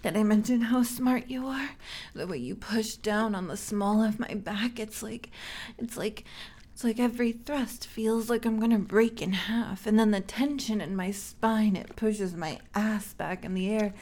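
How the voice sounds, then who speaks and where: Her voice mid-range, breathy and soft, a young woman whispers as a gentle, inquisitive alien wearing a borrowed human body. The role-play has a playful mood, with halting delivery and frequent repeated words.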